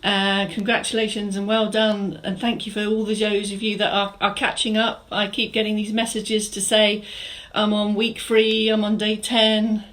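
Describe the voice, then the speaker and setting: A woman's voice: mid-range voice, monotone, normal speed, hardly any pauses, a bit bright, rough recording. A middle-aged woman from England leading a live online exercise class, chatting through viewer comments and giving encouraging cues. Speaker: fitness instructor.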